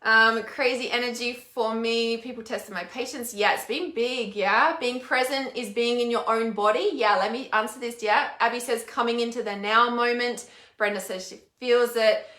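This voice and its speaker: A woman hosts a casual live stream as an intuitive healer and mentor, reading viewer comments aloud and talking bluntly with lots of swearing. Her fairly high voice is pushed and bright, fairly even in intonation, at normal speed in an echoey room. She rants freely, hammering points through emphatic repetition.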